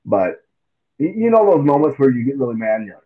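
A man co-hosting a casual sports chat, animated and acting out quotes in silly voices. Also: medium pitch, quick pace. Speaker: podcast co-host. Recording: tinny phone-like mic.

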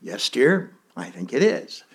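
A man's voice: medium pitch, sing-song, measured pace, husky, exaggerated voice. A man voicing a patient but distracted mother who answers absent-mindedly.

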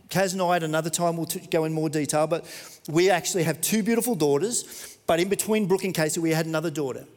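Earnest Australian preacher in a reverberant hall. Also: male voice, sits high. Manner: earnest, conversational storytelling. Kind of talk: storytelling sermon.

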